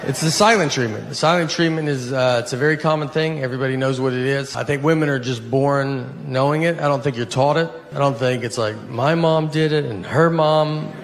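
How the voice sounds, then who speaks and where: A middle-aged man with a Southern US accent doing a stand-up comedy set, telling stories in a dry, deadpan way into a handheld mic on a theater stage. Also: medium pitch, fast, few pauses. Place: theater stage before a laughing audience. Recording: live hall recording with long reverb and audience noise.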